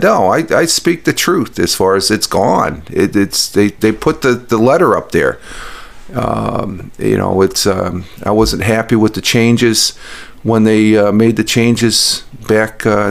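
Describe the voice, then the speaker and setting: A man's voice: on the low side, gravelly. A man hosting a casual morning audio podcast from home, rambling with lots of fillers and restarts, and turning blunt and mocking when he vents. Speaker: podcast host.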